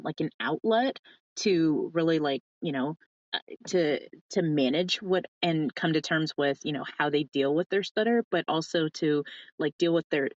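A woman's voice: low-pitched, no room sound. A woman from Florida hosts a loose chat, rambling along with lots of fillers. The sound is dull and lo-fi, dry with no room around her. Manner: rambling, full of you know and like. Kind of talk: casual conversation.

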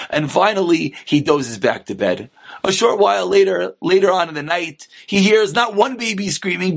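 High, gravelly rabbi telling a story. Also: male voice, moderate pace. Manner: animated, acting out voices. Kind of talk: storytelling sermon.

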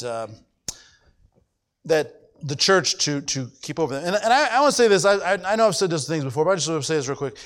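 A middle-aged male pastor preaching a sermon emphatically, repeating his points and checking that the congregation follows. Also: high-pitched. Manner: emphatic, repetitive, asks the congregation if they follow.

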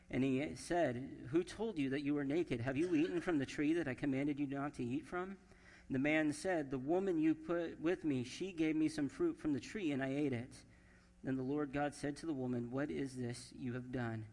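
A man preaching a sermon as pastor, reading scripture aloud and acting out the quoted lines with shifting emphasis. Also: mid-range voice. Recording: long church reverb.

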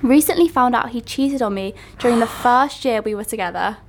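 A woman's voice: a little high, fairly quick. A young woman co-hosting a chat podcast, telling stories with lots of laughing and fillers. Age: young adult. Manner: giggly, storytelling, lots of fillers. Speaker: podcast co-host. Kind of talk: casual chat.

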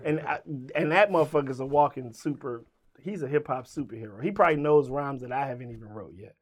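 A man's voice: mid-range voice, quick pace. A middle-aged man from Richmond, Virginia, a rapper as an interview guest, telling a story full of swearing and acting out both sides of every conversation. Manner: profane, acts out both sides of dialogue. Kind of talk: animated storytelling.

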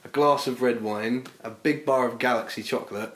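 A man's voice: medium pitch, fairly even intonation, a little fast, a bit bright. Dry, teasing man in an echoey room. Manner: teasing, dry, keeps steering back to the question. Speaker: podcast co-host. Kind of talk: casual chat.

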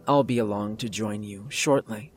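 A man's voice: lowish voice, moderate pace, husky, faint music behind. A man voicing a sinister male asylum doctor who gives curt orders. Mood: commanding.

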